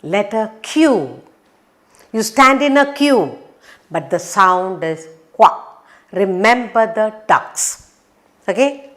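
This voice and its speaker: A woman teaching children phonics in a slow, sing-song teacher voice. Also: mid-range voice, lively intonation, fairly bright tone. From India.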